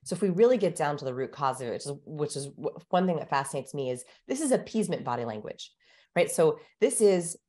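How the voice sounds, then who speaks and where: A woman with a low, mellow, sing-song voice talks fast as a guest expert on body language on a podcast. In this instructive conversation she takes a coaching approach, explaining ways of speaking and demonstrating vocal exercises.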